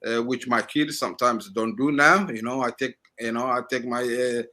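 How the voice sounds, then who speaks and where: A man in his forties with a Somali accent speaks as an interview guest, his voice bright and forceful at a middle pitch. He talks reflectively, pausing and repeating small words while he looks for the right way to say things. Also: steady tone. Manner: halting, repeats words while searching for phrasing.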